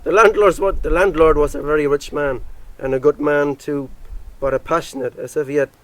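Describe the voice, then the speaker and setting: A man's voice: a little high, steady tone, fairly quick, poor audio. A man telling a folk tale aloud in a park, often laughing and stumbling over words, then correcting himself. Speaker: storyteller. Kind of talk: oral folk-tale storytelling. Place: outdoors in a park. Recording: wind noise on an outdoor mic. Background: wind.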